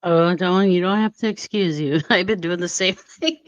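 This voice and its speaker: A woman's voice: on the low side, moderate pace, dry recording. Woman, Minnesotan accent, chatty, laughs a lot, distant dull remote-call sound, dry. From Minnesota, USA. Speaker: guest. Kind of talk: casual chat on a remote call. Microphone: remote call mic.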